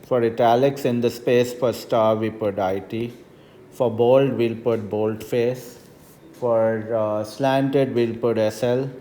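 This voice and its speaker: Slow, mellow-voiced male math teacher. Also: medium pitch, steady tone, a little hiss or hum. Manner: unhurried, explains step by step with frequent "right?" checks. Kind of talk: screen-recorded coding tutorial. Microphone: voice-over on tablet whiteboard recording.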